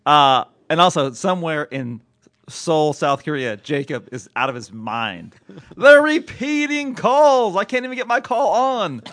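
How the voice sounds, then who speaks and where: A man's voice: fairly high pitch, big pitch swings, unhurried, fairly bright tone, no room sound, studio quality. A man hosting a podcast in casual chat, joking and laughing often. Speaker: podcast host.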